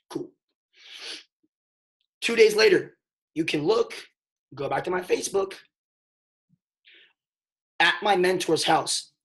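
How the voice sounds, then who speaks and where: An excitable man speaking as a network marketing mentor on a motivational call. His voice sits a little high for a man. He swings between hushed asides and loud, emphatic bursts, and keeps throwing in "bro".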